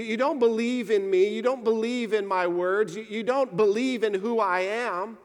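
Brief: Jesus, a steady male teacher rebuking the crowd, voiced by a preacher, unhurried, long reverb. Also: high-pitched. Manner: earnest, measured preaching cadence. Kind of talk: sermon.

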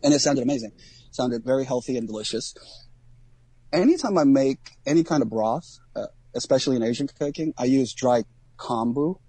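A man co-hosting a podcast, talking casually in a halting way with many ums and restarts. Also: medium pitch, animated, dark tone, breathy edge, dry recording. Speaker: podcast co-host.

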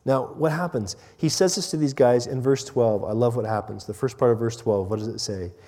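Male pastor, sermon, mellow tone, long hall reverb. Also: mid-range voice, a little fast. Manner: earnest, drops to a hush on key points.

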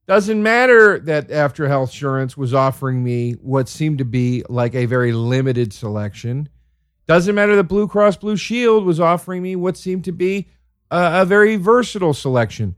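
A man's voice: a little high, no echo. Profane ranting man, dry close sound. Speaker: podcast host. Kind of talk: casual comedic monologue.

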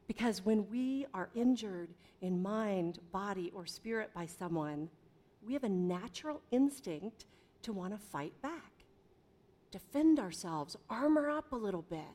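A middle-aged woman preaching a sermon in a conversational way, with dramatic pauses and big swings in volume. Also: medium pitch. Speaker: pastor.

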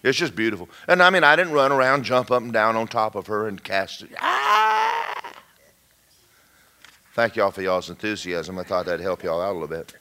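A man preaches a storytelling sermon in a folksy, animated style, tossing in joking asides and sudden shouts. His fairly low voice moves fast, with hardly any pauses.

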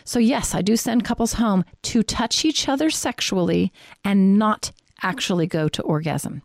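A woman's voice: mid-range voice, normal speed, vocal fry, no echo, clean studio sound. A middle-aged woman sex therapist, frankly and explicitly explaining a faith-based teaching on sexuality.

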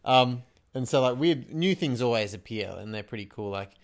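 A man's voice: medium pitch, expressive, normal speed. A young man in casual chat as a podcast co-host, enthusiastic and rambling with lots of "like".

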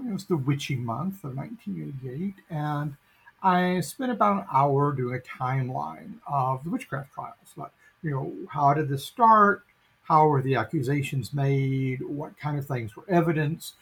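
Gravelly, husky man telling stories. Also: a little high, rough recording. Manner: rambling anecdotal delivery with many fillers and restarts. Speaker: interview guest. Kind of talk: casual storytelling.

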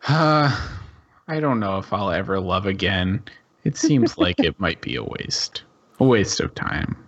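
A man voicing a melancholy, heartbroken man who sighs and mopes in a slow, low voice. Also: very animated, no echo, lo-fi sound, exaggerated voice. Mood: mopey. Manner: sighing, mopey. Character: heartbroken melancholy man sighing after his fiance left.

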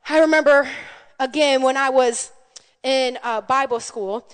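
A woman's voice: high voice, a little slow, clear, resonant tone. A woman pastor preaching a conversational sermon, telling stories with animation and calling out to the congregation. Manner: animated storytelling, calls out to the congregation. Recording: long hall reverb.

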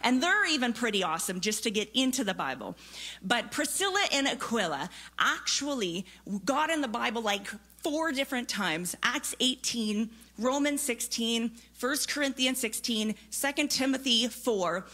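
Animated woman preaching a story. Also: fairly high pitch, normal speed. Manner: lively, animated storytelling with conversational fillers. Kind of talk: sermon storytelling.

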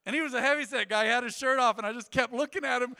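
A middle-aged man preaching a sermon as pastor, telling stories in an animated way with rising emphasis. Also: very high-pitched, rapid-fire, vocal fry. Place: church sanctuary. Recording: long hall reverb in a sanctuary.

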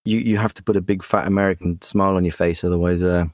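Playful, animated English voice actor. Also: male voice, sits low, fast, dry recording, clean studio sound. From West Country, England. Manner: animated, playful, slips into accents. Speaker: voice actor, podcast guest. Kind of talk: casual interview chat.

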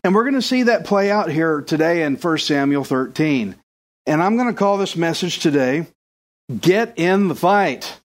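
A male pastor preaching a sermon, telling stories with lively voices for the characters. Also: a little high, normal speed. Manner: animated storytelling, puts on voices for characters.

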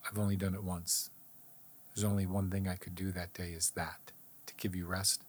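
A middle-aged man tells his faith testimony in an easy, conversational way. His voice sits a little low, and he acts out his own pleas as he goes. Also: little pitch movement, normal speed, slightly rough. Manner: earnest storyteller, reenacts his own pleas. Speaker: guest sharing testimony.

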